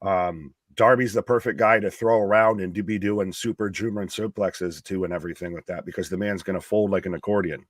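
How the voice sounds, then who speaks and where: A man from the United States with a lowish voice, co-hosting a wrestling stream. He talks bluntly and jokes through his opinions. The sound is dry, with little room in it. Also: fairly even intonation, fairly quick, few pauses, dry recording. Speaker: co-host of a wrestling live stream. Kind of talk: casual live-stream chat.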